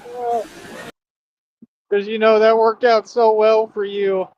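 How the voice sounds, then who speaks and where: A man's voice: high voice, level tone, takes it slowly, muffled recording, a little hiss or hum. A man hosting a casual livestream, laid-back and teasing, repeating his phrases and laughing often. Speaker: livestream host.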